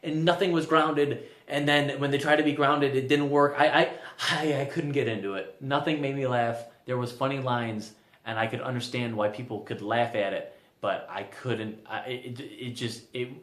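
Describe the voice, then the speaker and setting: A man's voice: medium pitch, fairly even intonation, moderate pace, a bit bright, echoey room. A young man giving a casual spoken movie review, rambling and often stammering over restarts.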